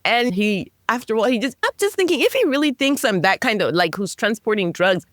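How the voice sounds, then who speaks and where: A woman guest on a podcast interview, telling a personal story in an animated way, with many restarts and self-corrections. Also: brisk, dry recording, studio quality. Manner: animated storytelling, pitch jumps on emphasis.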